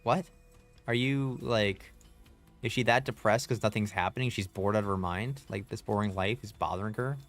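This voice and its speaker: A man's voice: on the low side, moderate pace, fairly bright tone, faint music behind. A man streaming a game, chatting in a laid-back, slangy way as he plays. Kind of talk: casual gameplay commentary.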